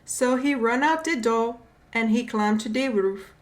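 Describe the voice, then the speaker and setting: A woman's voice: on the high side, a little slow, a little hiss or hum, close to an everyday voice. A woman reading a dialect Christmas poem aloud, putting on a Cajun accent with a drawling, rhyming storybook cadence. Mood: folksy. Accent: put-on Cajun.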